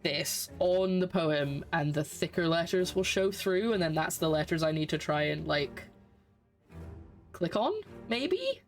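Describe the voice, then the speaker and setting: A streamer with a light Scottish accent talks through a game in casual let's-play commentary, at a mid-range pitch. They chat and think aloud while puzzling things out. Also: steady tone, normal speed, hardly any pauses, faint music behind.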